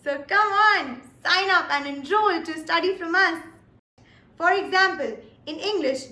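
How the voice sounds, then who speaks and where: This slow, patient German lesson comes from an Indian woman with a very high-pitched, bright, forceful voice and a measured pace. She repeats every word twice, often asks "Yes?" and "All right?", and the echoey room has faint background noise.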